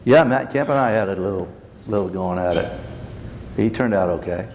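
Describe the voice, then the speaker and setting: A man's voice: lowish voice, brisk, a little mellow. An older man, a former baseball manager, telling blunt anecdotes at a luncheon Q&A and acting out the dialogue. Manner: blunt, acts out quoted dialogue. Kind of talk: anecdotal storytelling in a Q&A. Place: large banquet hall. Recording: long reverb in a large hall, faint room noise.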